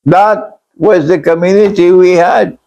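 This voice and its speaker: A man giving a religious lecture as an Islamic scholar, speaking emphatically, repeating key phrases and at times rising to a shout. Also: high-pitched, fairly even intonation, measured pace, dull audio. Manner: blunt, admits harsh language.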